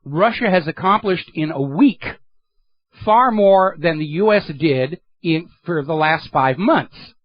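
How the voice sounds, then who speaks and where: A man's voice: a little high, expressive, measured pace, dry recording, lo-fi sound. A man hosting a political talk radio show, delivering an emphatic, sardonic monologue into a studio microphone.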